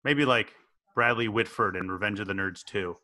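A man in his forties hosting a podcast, chatting casually in a jokey, animated way. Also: on the low side, normal speed. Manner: jokey, animated, slips into impressions. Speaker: podcast host. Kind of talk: casual chat.

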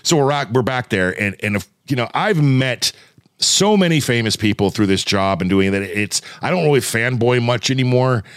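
A man's voice: mid-range voice, animated, moderate pace, no room sound. Easygoing male podcast host, dry sound. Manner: easygoing storyteller, repeats words, swears casually. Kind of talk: casual chat.

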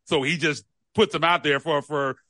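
Bright-voiced man on a podcast. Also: a little high, fairly even intonation, moderate pace, no room sound. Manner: rambling, repeats words, easygoing. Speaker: podcast co-host. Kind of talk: casual sports chat.

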